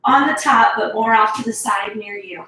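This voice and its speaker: A woman's voice: fairly high pitch, moderate pace, sharp tone, far from the mic, slight background noise. A woman leading a workout, encouraging and chatty as she counts reps and sighs between sets. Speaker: fitness instructor. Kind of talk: workout instruction. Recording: echoey room, voice from off-mic.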